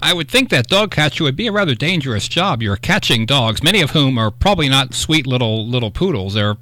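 A man hosting a radio talk show, chatting casually with quick joking asides. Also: medium pitch, animated, pushed and bright, no room sound. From upstate New York.

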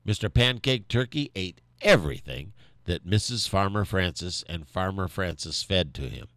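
Male storyteller, low voice, animated read-aloud, sing-song delivery. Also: moderate pace, no room sound. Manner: animated, lively storytelling with restarts. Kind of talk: reading a children's story aloud.

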